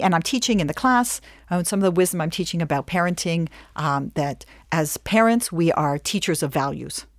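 A woman Jewish educator giving a lively lesson, acting out scenes as she tells stories. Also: fairly low pitch, no room sound, studio quality. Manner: animated storyteller acting out scenes. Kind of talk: lively teaching talk.

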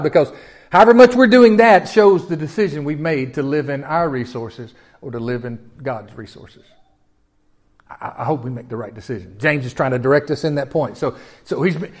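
A man preaching a sermon in a folksy, animated way, often asking his listeners questions. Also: fairly high pitch. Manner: folksy and animated, with repeated restarts and audience questions. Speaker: pastor.

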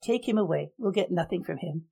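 A woman's voice: on the low side, animated, creaky, mellow, slightly rough, exaggerated voice. Woman doing a cold, commanding emperor. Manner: measured, formal decrees.

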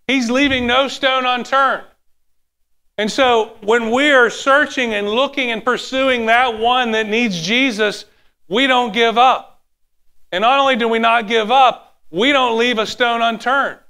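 A man preaching a sermon, animated, sometimes dropping to a hushed tone and acting out little quotes. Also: extremely high pitch, measured pace, creaky, clear, resonant tone. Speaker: pastor.

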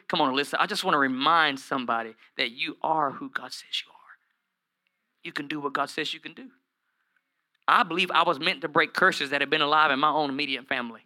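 A man pastor preaching a lively sermon, acting out Bible characters in comic voices and calling out to his listeners. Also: on the high side. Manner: animated, acts out Bible characters in funny voices, calls to the congregation by name.

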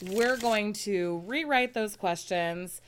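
A woman's voice: mid-range voice, slow, slight background noise. A woman co-hosting a podcast, chatting casually about tarot readings, laughing often and thinking aloud. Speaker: podcast co-host.

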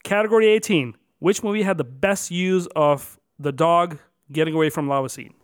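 A man's voice: a little high, moderate pace, clear, resonant tone, no echo, studio quality. A man co-hosting a casual podcast, announcing numbered categories with extra emphasis and then chatting loosely. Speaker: podcast co-host.

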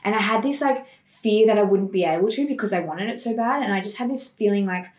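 A young woman, a podcast guest, chatting casually and telling animated stories full of quoted dialogue. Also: mid-range voice, fast talker. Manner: animated storytelling, quoting others. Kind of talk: casual interview. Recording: roomy echo.

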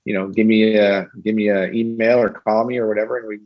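A rambling male actor guest with a lowish voice, chatting loosely and filling pauses with "uh" and "you know". The audio is dull and lo-fi, as from a remote call. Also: fairly even intonation. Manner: rambling, many fillers. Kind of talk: casual interview chat.

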